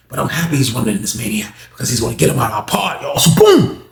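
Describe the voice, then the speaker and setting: A man's voice: mid-range voice, quick pace, creaky. A man telling a story to his audience in casual slang and curses, acting out other people's voices as he goes. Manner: animated, acts out others' voices, heavy slang and cursing. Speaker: storyteller recounting his prison days. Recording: roomy echo.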